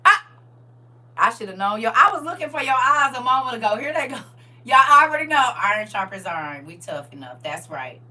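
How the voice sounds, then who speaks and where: A woman hosts a casual livestream, speaking directly to her viewers in a slightly high voice and a little fast. She's playful and animated and laughs often.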